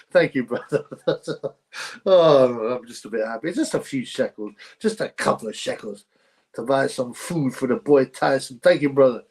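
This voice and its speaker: A man's voice: medium pitch, animated, normal speed, a little mellow, slightly rough. Chatty man hosting a livestream. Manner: chatty, laughs often, rambling with restarts. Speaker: livestream host. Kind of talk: casual livestream chat reading viewer comments.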